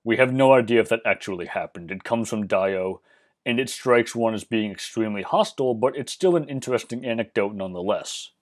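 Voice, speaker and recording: A man narrating a history lesson, measured and explanatory with dry, wry asides. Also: on the low side. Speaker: history channel host.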